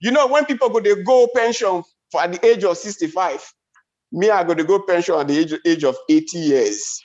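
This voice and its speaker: Nigerian Pidgin stand-up man, high voice, lively swoops, dull lo-fi event sound. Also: a little fast. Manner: animated storytelling, big pitch swings. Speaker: comedian. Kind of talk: stand-up comedy.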